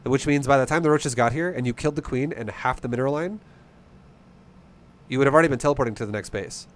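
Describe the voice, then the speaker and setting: A man's voice: medium pitch, quick pace. A man coaching a player through a game replay in a casual, blunt, profane and passionate way. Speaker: StarCraft coach.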